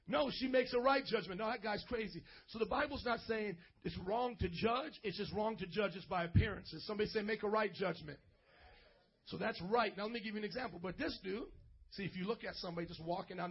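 A man preaching a lively sermon as a pastor, playful, calling for responses and acting out little scenes. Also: sits high, slightly rough. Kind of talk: energetic sermon to youth. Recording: dull lo-fi recording.

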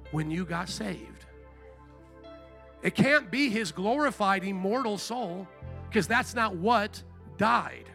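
A man's voice: high-pitched, sharp tone. A man preaching a sermon as pastor, emphatic and asking the congregation questions.

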